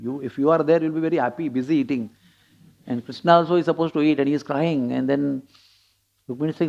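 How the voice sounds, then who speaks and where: A man's voice: a little high, steady tone, fast talker, creaky, darkish tone. A man giving a scripture class, telling stories with chuckles and acting out quotes. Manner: storytelling, chuckling, acts out quotes. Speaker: preacher. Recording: dull lo-fi recording.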